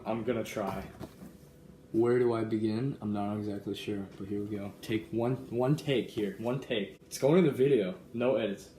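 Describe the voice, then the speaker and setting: Young male vlogger, earnest and excitable, lowish voice, echoey room with faint ambience. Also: slight background noise. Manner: earnest and excitable, reads verses aloud. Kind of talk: casual vlog, reading a gift card aloud. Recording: roomy echo with faint ambience.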